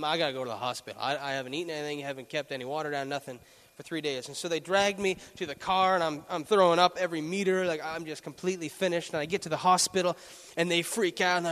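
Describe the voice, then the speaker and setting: A young man telling a personal testimony into a microphone, animated and laughing often as he acts out what people said. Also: high-pitched, in a large hall. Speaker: speaker giving a testimony. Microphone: handheld microphone.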